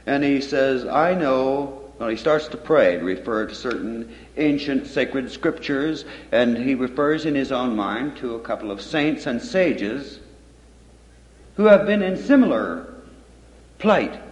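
A man's voice: medium pitch, lively intonation, unhurried, reverberant, long reverb tail, rough recording. A man giving a poetry reading with joking, rambling asides and stumbling restarts.

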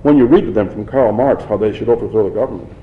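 A man's voice: lowish voice, quick pace, roomy sound, phone-quality sound, a little hiss or hum, lightly acted. A man voicing a pushy male investigator who accuses a professor, needling and insistent. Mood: accusing.

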